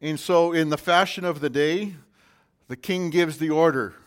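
A man preaching a sermon in a conversational way, with sudden loud emphasis on key words. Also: a little high, normal speed. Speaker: pastor.

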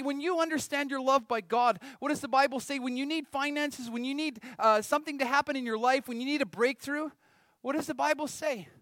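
Middle-aged male pastor, strikingly high pitch, conversational sermon delivery, dry close sound. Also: a bit bright, no echo. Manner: conversational preaching, rhetorical questions to the audience.

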